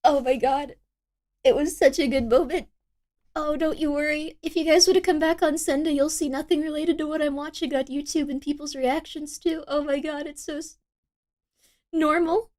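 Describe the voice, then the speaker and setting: A woman's voice: high-pitched, steady tone, normal speed, a little mellow. A woman streaming live, talking casually to her chat in a gushing, rambling way that repeats itself.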